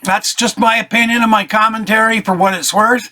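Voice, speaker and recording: A middle-aged man giving a blunt, unscripted political rant, swearing often and filling pauses with "uh" and "you know". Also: sits high, steady tone, pushed and bright. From Canada or the US. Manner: blunt, swearing, many fillers. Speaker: political commentary vlogger.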